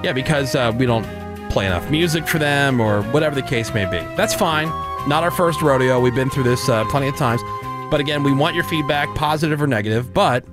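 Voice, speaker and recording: A man hosts a morning radio show in a studio, talking in a casual, easygoing way. His tone is chatty with dry sarcasm, and music plays softly underneath. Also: medium pitch, fairly quick.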